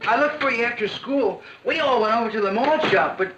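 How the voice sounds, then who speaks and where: Sulky teenage boyfriend. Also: male voice, extremely high pitch, animated, brisk. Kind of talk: 1960s sitcom acting. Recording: dull old TV audio with music.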